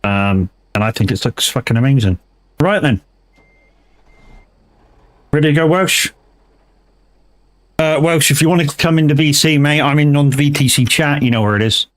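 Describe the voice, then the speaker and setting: A man's voice: fairly high pitch, normal speed, long pauses. A man, chatting casually and swearing freely with his viewers while driving in a game stream, laughing often.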